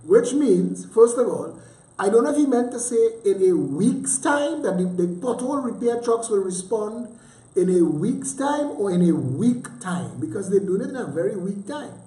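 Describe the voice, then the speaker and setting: A man's voice: high voice, big pitch swings, moderate pace, dark tone. A Trinidadian man hosting a livestream, chatting casually with teasing, sarcastic asides and heavy dialect. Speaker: livestream host. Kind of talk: casual rambling commentary. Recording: roomy echo.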